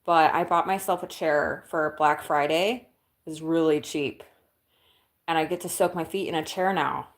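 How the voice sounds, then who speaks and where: Low-voiced and fairly even in intonation, an Illinois woman speaks at a moderate pace while doing chores on a casual live stream. She replies bluntly to viewer comments and swears now and then. Her open-windowed kitchen and living room produce roomy audio with faint background noise.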